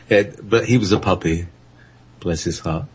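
A man hosting an internet radio show, chatting in a halting, rambling way with lots of fillers and frequent laughter. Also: fairly low pitch, animated, a little mellow, slightly rough. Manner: halting, many fillers and restarts, laughs often. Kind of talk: rambling casual chat on air.

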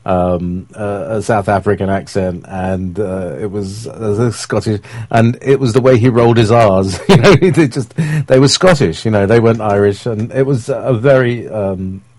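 A man's voice: fairly low pitch, moderate pace, darkish tone, dry recording. A man hosting a casual call-in stream, talking in a rambling, hesitant way with many fillers and chuckles. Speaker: show host. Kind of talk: casual live-stream talk.

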